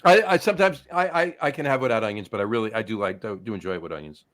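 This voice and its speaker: A man's voice: fairly low pitch, expressive, rapid-fire, a bit bright. A man co-hosting a casual podcast, chatty, often repeating words as he gathers his thoughts. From New Jersey. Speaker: podcast co-host. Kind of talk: casual chat.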